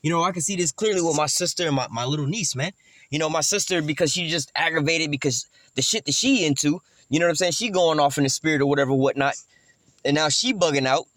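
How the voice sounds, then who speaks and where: Fast-talking, slangy, profane male street preacher. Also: on the high side, fairly bright tone, no room sound. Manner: slangy, profane, rambling, repeats "man" and "you know what I'm saying"; acts out quoted relatives in heated voices. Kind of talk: informal Bible teaching.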